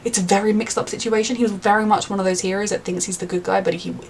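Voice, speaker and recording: A woman's voice: medium pitch, steady tone, quick pace, creaky, slight background noise. A young woman reviewing a TV episode in a chatty, rambling way, with many fillers. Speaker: TV reaction reviewer. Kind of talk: casual reaction review.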